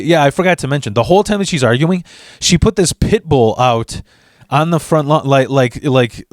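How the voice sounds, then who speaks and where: Young male vlogger, mid-range pitch, dry close sound, profane animated storytelling with stammered restarts. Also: no room sound. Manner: profane and animated, acting out quotes. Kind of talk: storytime rant.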